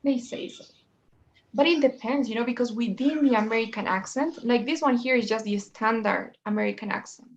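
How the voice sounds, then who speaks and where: A woman's voice: fairly high pitch, a little fast, dull audio, a little hiss or hum. A woman teaching a one-on-one English lesson, explaining in a chatty way and often checking with "right?" and "you know?".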